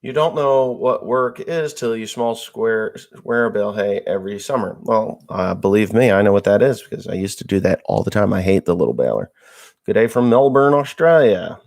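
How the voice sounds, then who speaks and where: Farmer host from Massachusetts, male, slightly low voice, rambling, blunt, crude humor. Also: normal speed, gravelly, hardly any pauses, a little mellow. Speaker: farmer hosting a live stream. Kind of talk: casual live-stream chat reading viewer messages.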